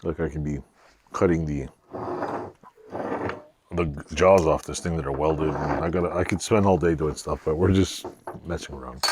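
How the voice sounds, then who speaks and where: A man's voice: rumbling low, normal speed, long pauses, noisy background. A middle-aged man chatting casually and joking with his daughter in his home garage workshop. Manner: joking, laid-back, laughs often. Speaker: channel host. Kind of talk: casual chat.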